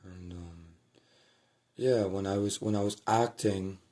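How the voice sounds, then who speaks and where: A man telling a personal story to the camera at home at night, rambling and profane, repeating himself and trailing off into quiet murmurs. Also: deep voice, steady tone, takes it slowly.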